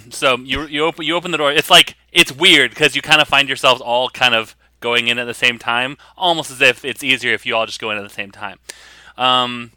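A man's voice: medium pitch, steady tone, brisk, bright, forceful tone, no room sound. A man narrating a tabletop game as game master, rambling casually with frequent fillers.

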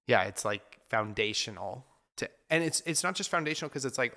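A man's voice: mid-range voice, animated, fast talker, bright, forceful tone. A man, a guest on a church podcast, talking casually and rambling with many fillers.

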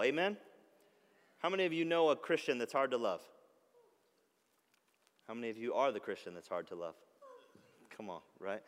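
A man's voice: a little high, fairly bright tone. A man in his thirties, a pastor, giving a conversational sermon with frequent rhetorical questions to the congregation. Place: church sanctuary. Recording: long hall reverb.

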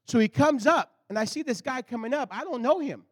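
High-voiced man preaching with fiery swings. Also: a little fast, breathy edge. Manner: animated, swinging from loud bursts to low intensity. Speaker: pastor. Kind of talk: sermon with storytelling.

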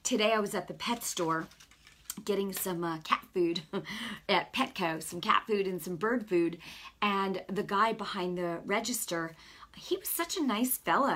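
A woman's voice: medium pitch, a bit bright. A middle-aged woman giving an earnest, conversational sermon, telling a personal story with lots of casual asides. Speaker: preacher.

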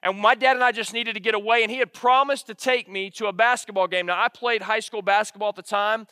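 A man's voice: high voice, steady tone, quick pace, pushed and bright, smooth, no echo, clean studio sound, in a large hall. A man from Alabama, preaching a sermon as pastor, earnest and repeating key lines for emphasis. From Alabama, United States.

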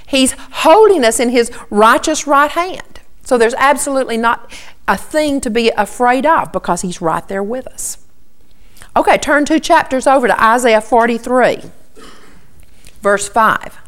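A woman's voice: fairly high pitch, lively intonation, measured pace. A woman giving an earnest Bible teaching, repeating key points and often starting with "okay".

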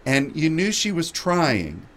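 Animated man telling a travel story. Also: a little high, slow. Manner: animated anecdote with frequent laughter. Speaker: radio show host. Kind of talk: storytelling chat.

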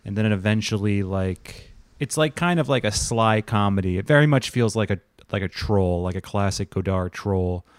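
Crude, rambling man with a smooth voice. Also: fairly low pitch, moderate pace, few pauses, no echo. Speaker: podcast co-host. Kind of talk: casual comedic chat.

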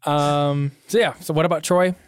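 A man's voice: a little high, steady tone, moderate pace, clean tone, no room sound, studio quality. A man chatting casually as a podcast co-host, swearing freely and laughing often. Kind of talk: casual recap chat.

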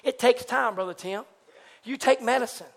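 A man preaching a sermon in a church service, animated and folksy, swinging from loud exclamations to hushed asides and talking back and forth with the congregation. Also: very high-pitched, moderate pace.

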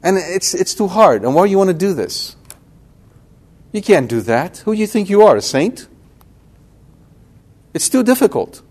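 A mocking devil taunts and discourages, as a man puts him on while teaching. The voice rises above his usual speaking pitch and lands on sharp, needling questions. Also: sing-song, moderate pace, pauses often. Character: the devil, a male tempter whispering doubts.

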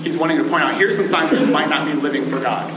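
A man in his thirties preaching a sermon as pastor, conversational and building to animated emphasis. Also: fairly high pitch, quick pace, noisy background. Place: church sanctuary. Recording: echoey hall.

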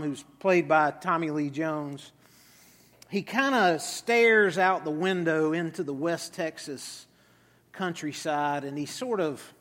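A male pastor preaches in a relaxed, conversational way, telling a story with the odd filler. He speaks very slowly, his voice a little high for a man. A long echo fills the church hall. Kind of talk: sermon. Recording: reverberant hall.

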